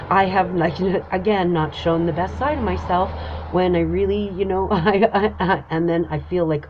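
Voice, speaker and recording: A woman hosting her own show, telling a personal story in a casual, animated way with lots of fillers. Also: medium pitch, moderate pace, noisy background. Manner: animated, emphatic, many fillers. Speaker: host. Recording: dull lo-fi recording.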